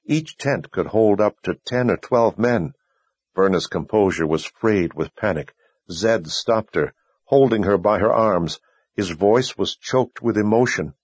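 Male narrator, husky and fairly low, dry booth sound, steady measured read. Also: dry recording. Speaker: audiobook narrator. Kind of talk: scripted narration.

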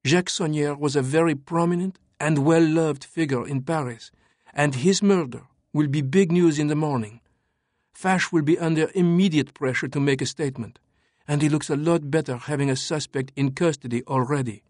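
A man's voice: a little high, moderate pace, dry recording, clean studio sound, pitched above the performer's own voice, natural voice. A man voicing an urgent young French woman cryptographer in an audiobook, speaking earnestly and pressing her point. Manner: earnest, pressing, explaining calmly. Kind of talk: audiobook narration.

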